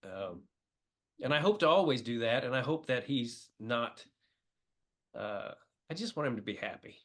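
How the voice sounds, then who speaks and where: A man's voice: mid-range voice, expressive, moderate pace. A middle-aged man from the Midwest, a comedian talking as a podcast guest, telling emotional stories with many fillers. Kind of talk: casual interview chat.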